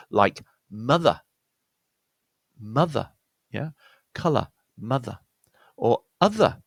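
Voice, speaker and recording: Gravelly British man teaching pronunciation. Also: on the low side, fairly bright tone, no echo. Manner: explains slowly with many fillers and self-corrections. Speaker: accent coach. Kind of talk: pronunciation lesson.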